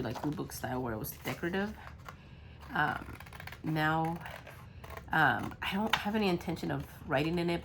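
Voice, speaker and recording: A low-pitched woman's voice with vocal fry, recorded with a noisy background. She's sick, so she sounds worn and congested as she works on a journal, rambling casually, muttering, and saying um a lot.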